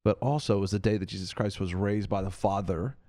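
A man's voice: sits low, fast, dark tone, dry recording, studio quality. A man hosting a Christian talk show, preaching earnestly and repeating phrases for emphasis. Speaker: host of a Christian TV and radio show.

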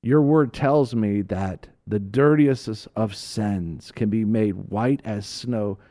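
A repentant sheep, ashamed of its sin and pleading earnestly in slow, stretched-out words, as a man puts it on. It is told as a spoken parable. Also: fairly low pitch, mellow, no echo, studio quality.

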